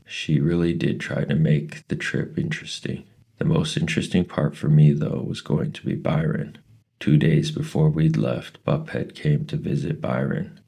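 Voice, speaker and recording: A man reading a novel aloud in a steady, plain storytelling manner. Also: a bass voice, gravelly, slightly rough.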